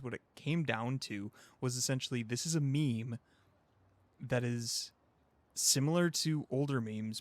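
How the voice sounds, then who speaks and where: A man co-hosting a casual podcast chat with friends, explaining things at length in an animated way and laughing often. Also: mid-range voice, no room sound. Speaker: podcast co-host.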